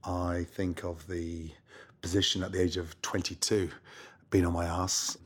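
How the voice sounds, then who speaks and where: A middle-aged Scottish man, a chef and guest, telling stories in a brash, swearing, animated way. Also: low voice, measured pace, breathy edge. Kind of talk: casual interview.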